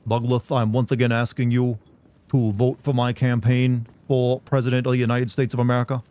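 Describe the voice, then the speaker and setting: A man doing an impression of an elderly male politician, who speaks in a pompous, drawn-out speechmaking manner. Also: medium pitch, little pitch movement, warm tone, natural voice.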